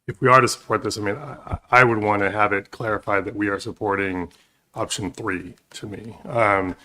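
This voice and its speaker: A man on a planning commission, talking slowly and hesitantly with many fillers and restarts at a public meeting. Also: on the low side, fairly even intonation, bright, forceful tone.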